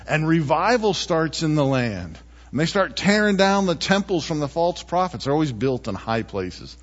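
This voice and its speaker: A man preaching a sermon in a relaxed, conversational way, often tossing in rhetorical questions to the congregation. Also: on the high side, moderate pace, big-room sound, highs cut off. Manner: chatty, asks rhetorical "right?" often. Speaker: pastor.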